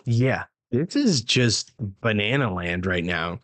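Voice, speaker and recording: A man's voice: on the low side, animated, slow pace, fairly bright tone. A man hosting a live manga reaction, reading the dialogue aloud and reacting with casual, slangy, profane comments.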